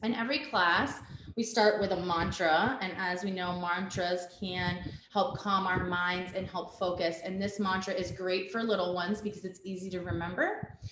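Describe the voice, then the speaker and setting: A woman teaching a family yoga class from home over a video call, giving gentle, calm instructions with soft laughs. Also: on the low side, normal speed. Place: at home, with a dog nearby. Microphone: webcam on a video call. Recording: roomy home room with faint background noise.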